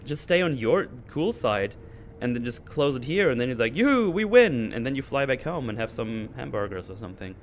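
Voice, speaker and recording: A man's voice: mid-range voice, fairly quick, slight background noise. A man hosting his channel, ranting in a casual, sarcastic way with mocking asides. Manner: animated, sarcastic, mocking voices. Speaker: channel host.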